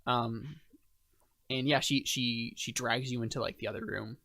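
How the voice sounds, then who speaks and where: A man narrates a tabletop game as game master, rambling with many fillers in a bright, forceful, mid-range voice. He speaks a little slowly with fairly even intonation, recorded in clean studio sound with no room echo.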